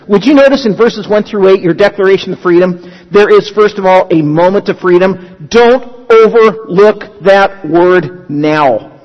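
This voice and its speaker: A male pastor preaching a sermon in a conversational teaching manner, with humorous asides. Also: sits high. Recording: dull lo-fi sound with long hall reverb.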